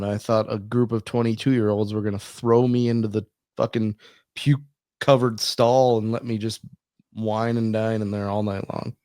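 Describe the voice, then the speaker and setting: A man's voice: lowish voice, little pitch movement, moderate pace, a little mellow, no echo, studio quality. A man in his early thirties, a comedian co-hosting a podcast, telling rambling self-deprecating stories and swearing freely. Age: early 30s. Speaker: podcast co-host and stand-up comedian. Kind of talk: casual podcast chat.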